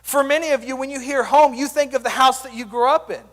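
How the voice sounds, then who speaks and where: A young man speaking as a youth pastor, giving an energetic, joking sermon full of stories. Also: very high voice, quick pace, big-room sound. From Sand Springs area, US.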